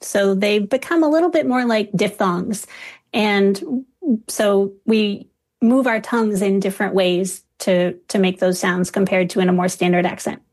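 A woman linguist speaking as a radio guest, explaining in a clear, measured way. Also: mid-range voice, a little mellow. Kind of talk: explanatory interview talk.

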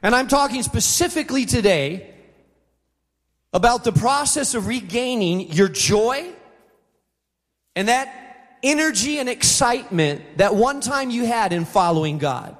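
Extremely high in pitch and fairly bright in tone, this middle-aged man speaks a little slowly and pauses often. As a pastor preaching in a large auditorium, he animatedly tells a story and voices its characters. The recording has long hall reverb.

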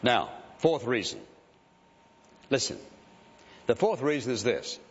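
A man's voice: mid-range voice, very animated, slow, husky. A man preaching a sermon in a church, earnest and emphatic, often breaking in with "listen" to press a point. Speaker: pastor. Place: church sanctuary. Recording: dull sound with long hall reverb.

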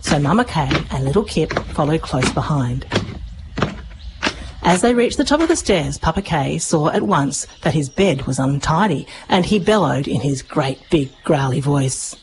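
A woman narrating a children's story with lively expression. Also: sits low, moderate pace, background noise. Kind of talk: storybook reading.

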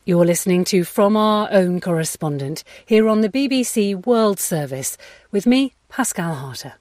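Woman presenter with a lively, varied delivery. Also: medium pitch, moderate pace, no echo, clean studio sound. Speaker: radio presenter. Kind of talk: scripted news presenting.

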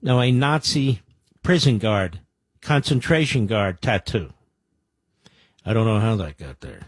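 A man's voice: lowish voice, lively intonation, a little slow, pauses often, slightly rough, no echo, studio quality. A man in his sixties from the Philadelphia area, hosting a combative talk radio show with a sarcastic, mocking delivery. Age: 60s. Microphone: studio microphone.

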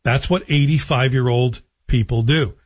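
On his talk radio program, a Canadian host delivers opinionated takes laced with sarcastic jokes. He speaks at a normal pace in a mid-range voice, and the broadcast sound is dull and lo-fi.

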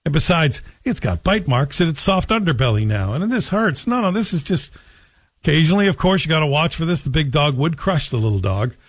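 A man's voice: on the high side, very animated, fairly quick, dry recording. A man hosting a radio talk show, delivering a combative, sarcastic opinion monologue from a studio. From Canada. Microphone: studio microphone.

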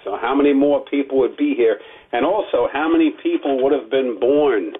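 A man calling in to a radio show, talking earnestly and haltingly. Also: medium pitch, slightly rough. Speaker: caller. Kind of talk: call-in radio chat. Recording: tinny phone line.

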